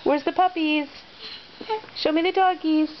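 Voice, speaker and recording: Very high-voiced mother coaxing a toddler. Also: fairly even intonation, unhurried, muffled recording, a little hiss or hum. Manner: sing-song coaxing baby talk. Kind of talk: reading a picture book to a toddler.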